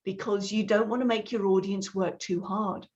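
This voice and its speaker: A woman's voice: mid-range voice, steady tone, moderate pace, darkish tone, dull audio. A woman communication coach speaking as a guest in a conversational interview, explaining her points with frequent restarts.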